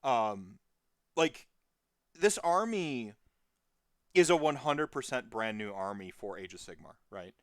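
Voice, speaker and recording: A podcast guest talking in a casual, rambling way, animated and full of tangents and fillers. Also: mid-range voice, slow, pauses often, dry recording, studio quality.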